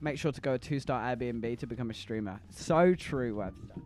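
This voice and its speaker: A man telling a story to his live-stream chat, animated and laughing, teasing the viewers. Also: medium pitch, normal speed.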